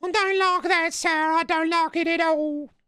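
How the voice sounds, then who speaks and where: A man's voice: very high voice, steady tone, normal speed, sharp tone, dry recording, studio quality, voice pushed up. A nasal, whiny British boy streamer. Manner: prim, fussy complaining.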